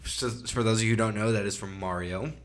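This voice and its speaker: A man hosts a podcast in a somewhat low voice. He talks in a relaxed way and explains things at length, padding his talk with fillers. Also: brisk. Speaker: podcast host. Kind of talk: casual chat.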